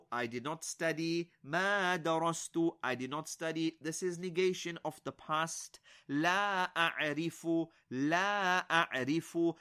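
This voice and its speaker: A man teaching an Arabic grammar lesson, repeating each example slowly and then translating it, with short words of praise in between. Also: fairly high pitch, bright, forceful tone.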